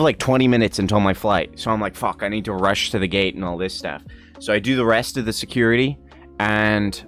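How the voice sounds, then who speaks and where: A young man from Ireland tells a story on a livestream in a casual, animated way, swearing, laughing and acting out the people in it. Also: fairly low pitch. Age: young adult. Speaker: streamer.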